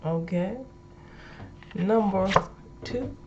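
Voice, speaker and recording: A playful, high-energy woman reading affirmation cards aloud, giggling and repeating each line with emphasis. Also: very slow, dark tone, highs cut off, a little hiss or hum. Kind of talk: casual spoken affirmations.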